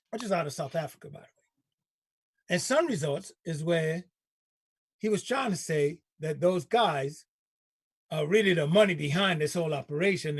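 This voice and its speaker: A man hosting a talk show, arguing politics in an animated, emphatic way and repeating himself. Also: high voice, slightly rough, dry recording, clean studio sound. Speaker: show host. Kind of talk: heated political debate.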